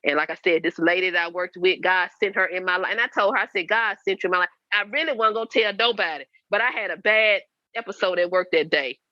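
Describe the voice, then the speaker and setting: A woman's voice: on the low side, fast talker, sharp tone, no echo. A woman in her fifties telling her life story to her daughter, in an earnest, repetitive manner that sometimes turns preachy. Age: 50s. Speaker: guest, host's mother. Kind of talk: candid personal storytelling. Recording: dry, slightly dull lo-fi sound.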